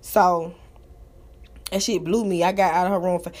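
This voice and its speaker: A woman hosting a casual live talk room, telling stories and ranting bluntly with profanity and sudden loud outbursts. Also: fairly low pitch, steady tone, moderate pace, pauses often. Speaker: live audio room host. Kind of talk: casual storytelling rant.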